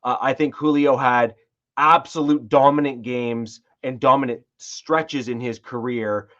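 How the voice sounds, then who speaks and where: A man's voice: medium pitch, steady tone, measured pace, fairly bright tone, lo-fi sound. A man co-hosting a sports podcast, rambling through his points with frequent restarts. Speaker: podcast co-host. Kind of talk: casual sports chat.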